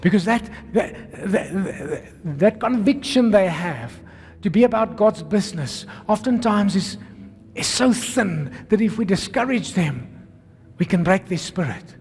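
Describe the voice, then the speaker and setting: High-voiced South African pastor preaching. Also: male voice, unhurried, creaky. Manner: energetic, rhetorical questions, calls on the congregation. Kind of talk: sermon. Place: church. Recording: long reverb of a church hall.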